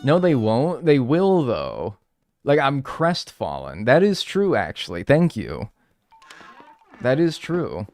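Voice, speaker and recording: A man's voice: medium pitch, takes it slowly, long pauses, faint music behind. A man streaming a game live, talking casually and bouncing between chat replies, with a rambling, profane style full of "like". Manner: animated, rambling, swears, heavy use of "like". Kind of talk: casual livestream gameplay commentary.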